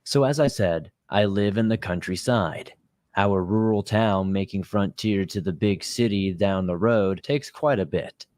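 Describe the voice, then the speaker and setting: Man calmly reading a creepy tale. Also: fairly low pitch, no room sound. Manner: steady, measured first-person reading. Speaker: story narrator. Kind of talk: scripted narration of a creepy story.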